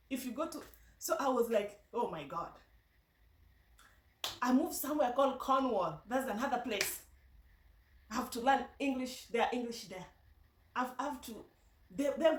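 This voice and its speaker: Woman with a luo accent vlogging, kinda high voice, chatty and halting, echoey room, sits back from the mic. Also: recorded from a distance. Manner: chatty storytelling, halting with restarts. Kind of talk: casual vlog monologue.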